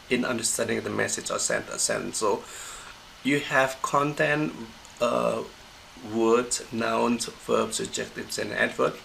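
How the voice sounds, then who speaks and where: Gravelly man teaching pronunciation. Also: mid-range voice, fairly bright tone, slight background noise, poor audio. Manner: halting, many fillers and restarts. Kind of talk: screen-recorded lecture.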